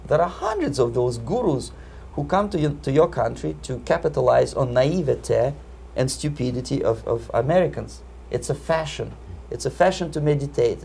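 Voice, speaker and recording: A man with a Russian accent answering interview questions in a measured, emphatic way, often repeating words. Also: on the high side, gravelly, a little mellow, slight background noise. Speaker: interviewee, Soviet defector. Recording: 1980s video interview.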